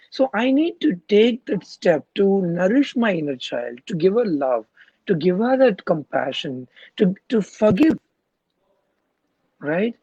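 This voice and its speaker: A man's voice: high voice, mellow, breathy edge, no room sound, lo-fi sound. A man, a hypnotherapist being interviewed, explaining earnestly and checking in with "you know" and "right?" as he goes. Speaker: clinical hypnotherapist guest.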